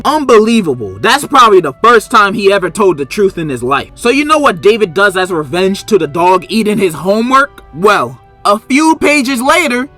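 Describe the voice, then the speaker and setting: Guy roasting a kids book, aave, high voice jumping all over, bright, music under it. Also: big pitch swings, moderate pace, few pauses. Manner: loud, exaggerated outbursts and mock outrage. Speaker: comedic book reviewer. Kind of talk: comedic commentary.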